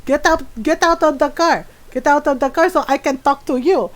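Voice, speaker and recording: Woman putting on a raging, scolding mother, high and shouting. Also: normal speed, close to an everyday voice. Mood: furious scolding. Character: furious middle-aged mother yelling at a driver.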